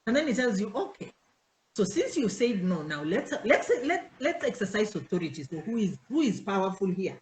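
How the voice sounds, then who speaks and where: A woman's voice: medium pitch, moderate pace, reverberant, slight background noise, rough recording. A woman, a pastor's wife giving an informal church teaching to her worship team and acting out conversations in different voices. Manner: animated, acts out dialogues in changing voices.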